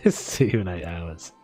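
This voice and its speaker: Chatty South London man, lowish voice. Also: slightly rough. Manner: rambling, self-mocking, chatty. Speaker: gaming streamer. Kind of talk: casual gameplay commentary.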